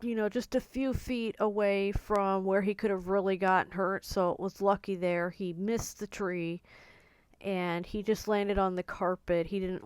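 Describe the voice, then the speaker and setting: A woman telling a personal family story in a halting, emotional monologue with many restarts. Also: medium pitch, darkish tone, smooth, no echo.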